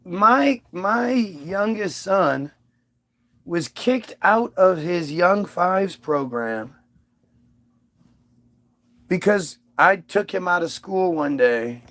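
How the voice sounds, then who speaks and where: A man's voice: high voice, lively intonation, drawn-out words, pauses often, bright, forceful tone. A father casually telling a personal story, aggrieved and profane, with many restarts.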